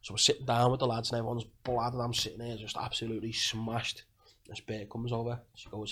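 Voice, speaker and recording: A man's voice: mid-range voice, completely flat delivery, quick pace, fairly bright tone, breathy edge. A man telling a rambling, crude holiday story on a podcast, laughing and swearing as he goes. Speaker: podcast guest. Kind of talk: casual chat, storytelling.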